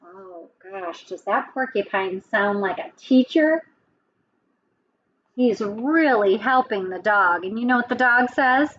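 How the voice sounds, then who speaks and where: A woman teacher giving a children's lesson, speaking gently and often checking in with a question. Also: on the high side, unhurried, dull audio, slight background noise. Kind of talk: children's lesson and storybook reading.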